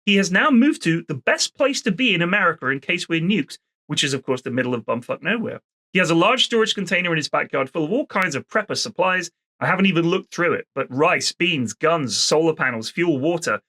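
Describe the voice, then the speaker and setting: A man co-hosting a casual podcast, reading listener mail aloud with a playful, emphatic delivery. His voice sits a little high and sounds bright and forward. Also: a little fast. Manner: animated, reads letters aloud with comic emphasis.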